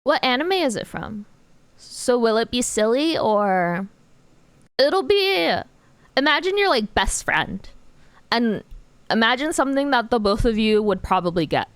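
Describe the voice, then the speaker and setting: Her voice sits fairly high and has a sing-song lilt, delivered a little slowly with a clean tone and no echo. This woman streams herself drawing, giggles a lot, fills her chatter with "like," and responds to questions from viewers in chat.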